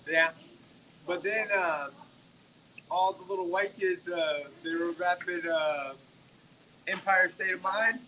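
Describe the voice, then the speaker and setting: Podcast host, forties, very bright-toned, rambles and swears, faint room noise behind. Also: male voice, sits high, fairly even intonation, takes it slowly, long pauses, low-quality recording. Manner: profane, rambling storyteller full of "like". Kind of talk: casual podcast chat.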